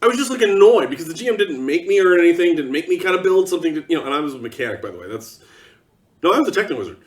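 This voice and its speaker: A man's voice: on the high side, very animated, rapid-fire, far from the mic. A man delivering an exasperated, sarcastic ranting monologue as a vlogger.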